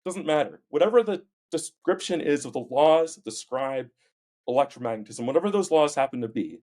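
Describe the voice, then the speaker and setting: A man, a philosopher guest, explaining ideas carefully in a casual academic discussion with many pauses. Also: fairly high pitch, lively intonation, darkish tone. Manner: explanatory, many ums and uhs.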